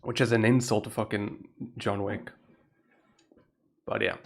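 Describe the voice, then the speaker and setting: A young man from Portugal with a Portuguese accent, keeping his voice low at night while chatting on a live stream, laughing often and swearing casually. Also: flat delivery, a little slow. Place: home room at night.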